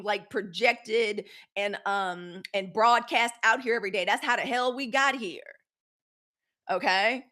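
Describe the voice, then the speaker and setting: A woman's voice: fairly high pitch, bright, forceful tone. A woman hosting a live news show, talking casually and bluntly to her chat viewers, with frequent profanity. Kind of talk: casual live-stream commentary.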